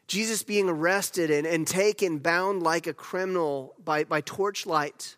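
A male pastor preaching a sermon as a storyteller, with loud emphatic moments and hushed, near-whispered passages. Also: on the high side, unhurried, few pauses. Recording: long hall reverb.

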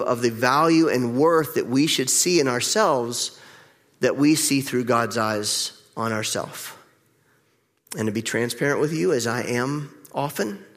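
A middle-aged male pastor preaching a candid, reflective sermon with pauses, heard with the long reverb of a church hall. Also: medium pitch, a bit bright. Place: church sanctuary.

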